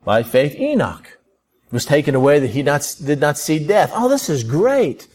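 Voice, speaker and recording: A man preaching a sermon in an animated way, acting out prayers and quoted thoughts as he goes. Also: fairly high pitch, moderate pace. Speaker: pastor.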